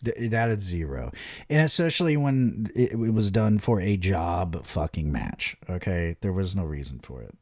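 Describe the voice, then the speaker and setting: A young adult man co-hosting a casual podcast chat, telling stories in an animated, profane way. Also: low voice, moderate pace, no room sound, clean studio sound. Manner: animated, profane storytelling with voices. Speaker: podcast co-host.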